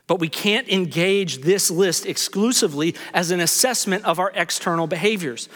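High-pitched guy preaching, earnest with jokey asides, lots of hall echo. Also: normal speed, hardly any pauses, fairly bright tone. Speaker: pastor. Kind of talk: sermon.

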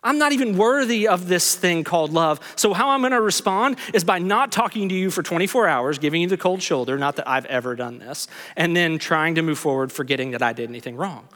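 A man's voice: fairly high pitch, fast talker, hardly any pauses, a bit bright, big-room sound. A man preaching a sermon as a pastor, earnest, with self-mocking asides.

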